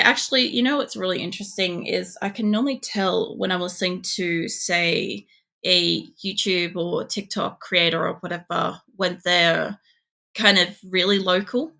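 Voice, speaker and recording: A woman's voice: fairly low pitch, gravelly, sharp tone. An Australian woman streaming a game, chatting casually in a rambling way, swearing often and filling gaps with fillers. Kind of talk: casual gameplay chat.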